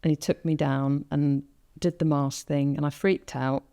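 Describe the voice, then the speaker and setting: A woman's voice: sits low, level tone, unhurried, warm tone, smooth. A woman hosting a podcast, telling a personal story in casual conversation and acting out her own thoughts as she goes. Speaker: podcast host.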